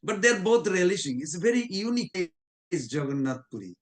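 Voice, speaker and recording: Brief: man with a high voice, devotional class speaker, chuckling storyteller. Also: sing-song, a little fast. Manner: informal non-native English phrasing. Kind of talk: anecdotal devotional class talk.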